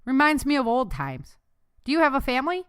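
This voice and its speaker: A woman reading as a tough, feisty mother who answers back with quick retorts. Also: high voice, very animated, fairly bright tone, smooth, no room sound, studio quality, voice pushed up.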